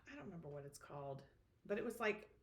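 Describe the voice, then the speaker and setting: A woman's voice: fairly low pitch, sing-song, fast. A woman co-hosting a casual stitching chat, playful and often searching for words. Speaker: flosstube co-host.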